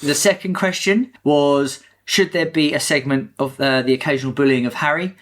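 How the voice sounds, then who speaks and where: A man's voice: fairly high pitch, fairly even intonation, moderate pace, fairly bright tone. A man hosting a casual podcast chat, jokey and ranty, swearing freely. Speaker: podcast host.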